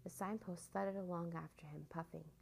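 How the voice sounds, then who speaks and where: Gravelly warm woman reading a storybook. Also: lowish voice, normal speed, poor audio. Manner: expressive, animated storytelling. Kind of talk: storybook read-aloud.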